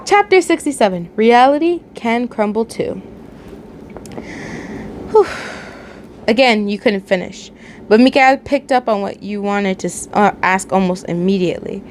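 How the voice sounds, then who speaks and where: A woman's voice: medium pitch, expressive, unhurried, long pauses, slight background noise. A young woman reading a fan story aloud in a casual way, chatty, laughing often and tripping over words. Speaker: channel host reading fanfiction.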